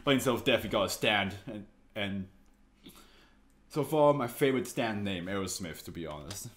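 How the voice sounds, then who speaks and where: A man's voice: on the low side, animated, moderate pace. A man hosting an anime reaction video, chatting casually while he stands, jokey and laughing often.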